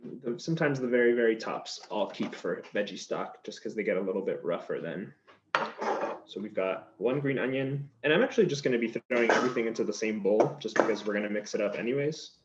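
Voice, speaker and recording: A man's voice: lowish voice, lively intonation, a little fast. Easygoing male chef demonstrating cooking. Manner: easygoing, chatty, explains steps as he works. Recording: slightly dull sound with faint noise.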